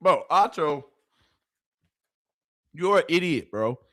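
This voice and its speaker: Animated male reaction host, incredulous and profane, slightly high voice. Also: slow pace, dry recording, clean studio sound. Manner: incredulous, heated, swears freely. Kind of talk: casual reaction commentary.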